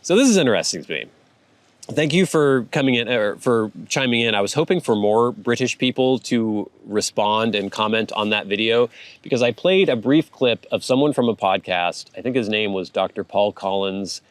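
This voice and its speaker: A rambling, chatty man with a somewhat low voice hosts a casual show and reads viewer comments aloud. He laughs often and wanders from point to point. The recording is dry and close, with no room sound. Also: expressive, normal speed, dry recording. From United States. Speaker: host reading viewer comments. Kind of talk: casual chat.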